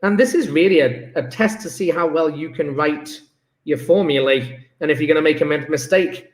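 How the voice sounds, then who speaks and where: A talkative chemistry teacher whose voice sits a little high for a man reasons aloud at normal speed, growing enthusiastic as he goes through homework answers. This recorded classroom review lesson has sound bouncing around an echoey room.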